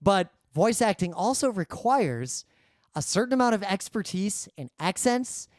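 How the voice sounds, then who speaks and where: A man's voice: sits high, lively intonation, dry recording. Man co-hosting a podcast, dry studio sound. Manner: measured, explanatory, adapts his talk for the microphone. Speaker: podcast co-host. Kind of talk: casual discussion. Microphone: studio microphone.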